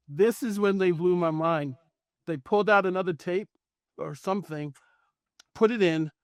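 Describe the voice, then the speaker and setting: On a podcast, a middle-aged man with a slightly high voice tells a casual personal story, bringing it to life by voicing the quoted dialogue of its characters. The recording is dry and studio-clean.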